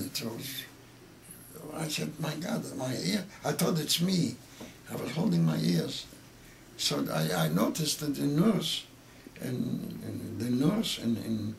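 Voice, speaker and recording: Gravelly older man telling a halting story. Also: medium pitch, a little hiss or hum. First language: Yiddish. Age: 80s. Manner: halting, repeats words, emotional telling. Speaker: interviewee. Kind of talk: oral history interview.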